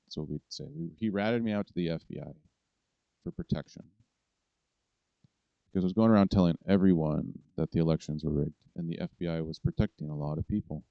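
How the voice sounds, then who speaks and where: A man's voice: sits low, a little fast, vocal fry, smooth, no room sound. A man in a rambling, profane political monologue, ranting to his viewers. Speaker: vlogger. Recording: dull lo-fi recording, dry.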